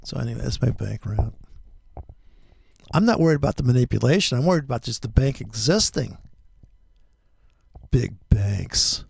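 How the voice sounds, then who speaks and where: A man's voice: mid-range voice, normal speed, creaky, long pauses, a little mellow, husky, no echo, clean studio sound. A middle-aged man hosting a trading livestream, ranting in casual, heavily profane chat.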